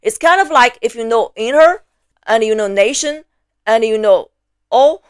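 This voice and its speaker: A woman's voice: a little high, lively intonation, moderate pace, clear, resonant tone, dry recording. Woman, Mandarin Chinese accent, language teacher, friendly explaining, dry close sound. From China. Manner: friendly, explains with examples and rhetorical questions.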